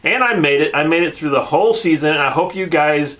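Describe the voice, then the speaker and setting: A man's voice: fairly high pitch, fairly quick, a bit bright. A man hosting a casual video review, sarcastic and laughing often as he retells scenes. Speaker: channel host reviewing a TV episode.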